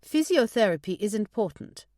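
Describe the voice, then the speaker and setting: A woman's voice: medium pitch, sing-song, moderate pace, dark tone, no room sound, clean studio sound, voice pushed up, natural voice. A woman voicing a stout, no-nonsense German nurse in her sixties, explaining firmly. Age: 60s. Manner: no-nonsense, firm.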